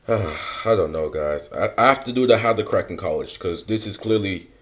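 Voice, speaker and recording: A man's voice: low voice, animated, normal speed, a bit bright. A man hosting a dating advice reaction, talking bluntly and casually with lots of slang. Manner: blunt, slangy, mock-lecturing.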